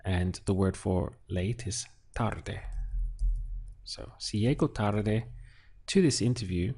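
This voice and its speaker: A man walks through a translation in an unhurried, methodical way, pausing to think aloud. His voice sits low and a little husky. Soft keyboard clicks and typing can be heard behind him. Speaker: Spanish teacher. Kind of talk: unhurried lesson walkthrough while writing.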